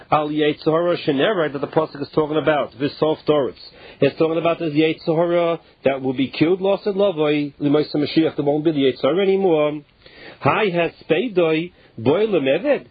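High-voiced man teaching a Talmud class. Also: slightly rough, no room sound. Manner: reads Aramaic phrases slowly, then explains in casual English with many "like"s. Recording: muffled, dull and dry lo-fi recording.

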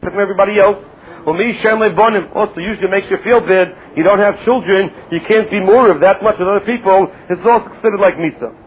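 Man, Torah teacher, high voice, quotes and translates verses, repeats words, tinny phone-like line. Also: fast talker, a little hiss or hum. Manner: quotes Hebrew verses then translates them, repeats words while thinking. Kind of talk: Talmud class explanation.

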